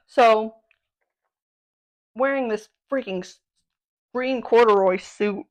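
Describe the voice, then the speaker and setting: Excitable young woman telling a story. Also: fairly high pitch, unhurried, long pauses, low-quality recording. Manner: excitable, exclamatory, playful self-mocking. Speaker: podcast host. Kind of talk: casual storytelling chat.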